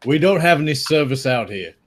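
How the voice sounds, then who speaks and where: A man's voice: on the high side, lively intonation, a little fast. A man playing a tabletop game, joking and teasing. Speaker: player. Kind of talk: casual tabletop chat.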